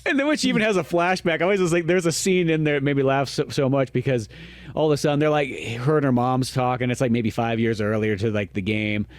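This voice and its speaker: Fast-talking man on a game podcast. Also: medium pitch, no room sound. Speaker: podcast co-host. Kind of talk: casual game discussion.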